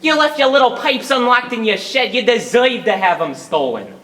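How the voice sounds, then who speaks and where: A man's voice: extremely high pitch, expressive, normal speed, bright, forceful tone, heavily acted. A young man doing a sneering Brooklyn heckler. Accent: put-on Brooklyn. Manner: sneering, blunt.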